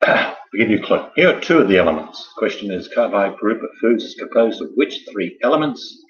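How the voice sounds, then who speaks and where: A man's voice: fairly low pitch, lively intonation, quick pace. A man casually hosting a quiz night, full of joking, rambling asides. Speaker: quiz host. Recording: roomy, dull lo-fi sound.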